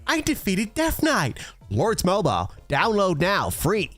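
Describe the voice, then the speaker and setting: A man's voice: high voice, huge pitch swings, measured pace, fairly bright tone, faint music behind, pitched above the performer's own voice, exaggerated voice. A man squealing as a gushing noob gamer. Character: over-excited clueless young gamer in a mobile game advert.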